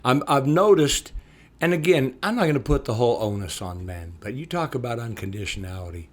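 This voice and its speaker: Impassioned man addressing podcast listeners. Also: a little fast. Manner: impassioned, addresses listeners directly, rises in pitch when animated. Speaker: podcast co-host. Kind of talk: podcast conversation.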